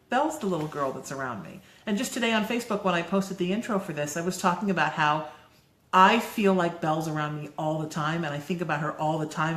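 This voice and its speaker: Brief: woman co-host, lowish voice, animated storyteller, roomy echo. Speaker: radio host, co-host. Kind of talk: casual chat on a livestream. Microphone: phone livestream.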